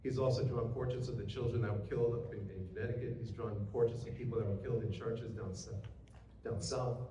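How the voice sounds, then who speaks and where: A man's voice: medium pitch, steady tone, quick pace, dark tone, a little hiss or hum. A man giving an earnest keynote speech at a ceremony, telling a personal story with occasional fillers. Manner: earnest storytelling, quoting others, hesitant fillers. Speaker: keynote speaker. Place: courthouse event room. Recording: echoey room from a distance with faint ambience.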